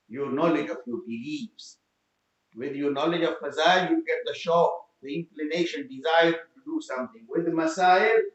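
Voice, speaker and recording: A man giving a mosque sermon as imam, impassioned and rising to shouts, with Arabic recitation woven in. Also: fairly high pitch. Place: mosque hall. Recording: very echoey, dull mosque hall.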